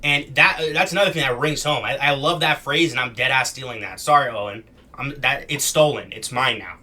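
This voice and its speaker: A man's voice: medium pitch, fairly quick, bright, forceful tone. A young man giving blunt, slangy political commentary as he reacts to video clips.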